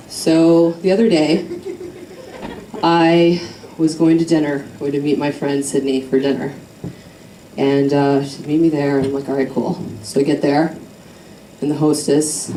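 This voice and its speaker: A woman's voice: low-pitched, dark tone, slight background noise. A young woman doing a stand-up set on a club stage, telling a rambling, self-deprecating story with crude jokes while the audience laughs. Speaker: stand-up comedian. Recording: roomy club audio from a distance.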